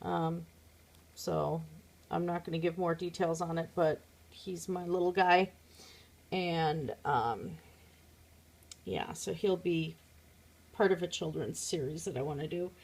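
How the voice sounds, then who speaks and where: A woman's voice: fairly low pitch, slow pace, gravelly, long pauses, darkish tone, slightly rough. Woman, casual show-and-tell, rambling, lots of ums, phone camera at home. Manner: chatty, rambling, many fillers. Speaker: vlogger showing her felt crafts.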